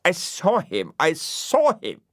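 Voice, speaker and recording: A man doing Brian, a fussy high snail. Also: wildly swooping pitch, takes it slowly, a bit bright, no room sound, clean studio sound, exaggerated voice. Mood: indignant. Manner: indignant, whiny complaining. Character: small fussy agitated male snail.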